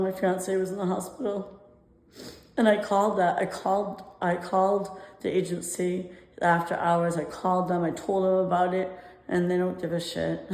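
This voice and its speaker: A woman's voice: mid-range voice, reverberant. A woman from the United States venting in an emotional personal rant at home, rambling, repeating phrases and laughing nervously between them. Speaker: vlogger. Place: apartment at home.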